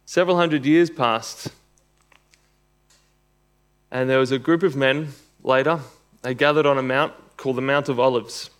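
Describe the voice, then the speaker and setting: A man's voice: steady tone, a little slow, long pauses, fairly bright tone, clear, resonant tone. A man preaching a sermon, reading scripture aloud and explaining it, rising for emphasis. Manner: expository preaching, reads scripture aloud, rises in pitch for emphasis.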